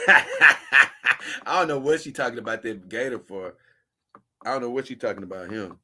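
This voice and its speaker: A man's voice: mid-range voice, expressive, a little fast, a bit bright. A man, hosting a casual show, rambling and chuckling as he reads posts aloud to his viewers. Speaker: host.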